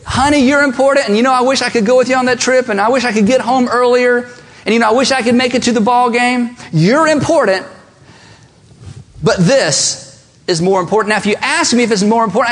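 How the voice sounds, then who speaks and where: A man preaching a sermon, talking emphatically with slow, deliberate stresses and rhetorical questions. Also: extremely high pitch, fairly bright tone. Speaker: pastor. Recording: long reverb of a large hall.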